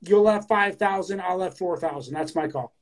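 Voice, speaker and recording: A woman's voice: on the low side, moderate pace. A young Canadian woman co-hosting a casual podcast, blunt and opinionated, swearing heavily. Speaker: podcast co-host. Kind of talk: casual chat.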